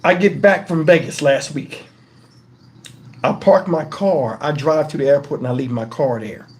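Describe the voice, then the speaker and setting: A man's voice: a little high, normal speed. Rambling, profane storyteller man. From Texas, USA. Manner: animated, profane, rambling with many asides. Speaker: channel host. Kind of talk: casual storytelling to camera.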